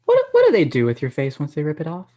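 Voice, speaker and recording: A young actor playing a deadpan young man afraid of buildings, pedantic and rambling when he tells a story. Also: fairly high pitch, fast, muffled recording. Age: young adult. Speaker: actor in a student comedy sketch. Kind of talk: stage comedy dialogue.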